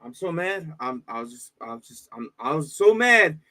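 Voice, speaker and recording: A man's voice: on the high side, very animated, normal speed, pushed and bright. A man co-hosting a casual sports podcast, laid-back, often trailing off and tossing in "bro" and "man". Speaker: podcast co-host.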